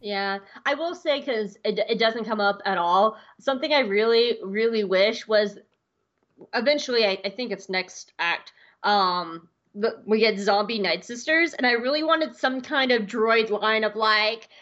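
A woman co-hosting a podcast, chatting casually, laughing often and acting out quotes in squeaky voices. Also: a little slow, a bit bright, highs cut off. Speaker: podcast co-host. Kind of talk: casual chat, recapping an episode.

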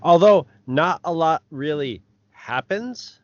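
Halting, thoughtful man co-host. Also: on the high side, animated, no room sound, muffled recording. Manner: halting, thoughtful, many restarts. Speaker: podcast co-host. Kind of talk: casual recap chat.

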